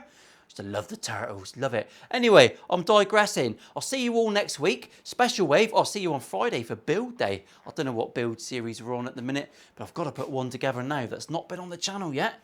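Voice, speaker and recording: A man, a luthier and host of a guitar channel, chatting in his workshop with blunt, jokey, profane banter. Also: fairly high pitch. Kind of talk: casual sweary banter.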